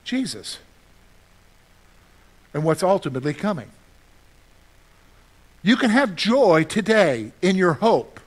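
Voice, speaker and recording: Animated high-voiced male pastor preaching. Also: takes it slowly, pauses often. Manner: animated, asks the congregation questions and answers them; acts out his own panicked reactions for humor. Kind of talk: sermon.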